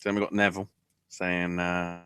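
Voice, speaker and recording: A man's voice: low-pitched, little pitch movement, normal speed, fairly bright tone, smooth, no echo. A man co-hosting a podcast, recapping wrestling shows with sarcasm and plenty of swearing. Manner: sarcastic, profane, mocking recaps. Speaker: podcast co-host. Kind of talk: casual podcast banter.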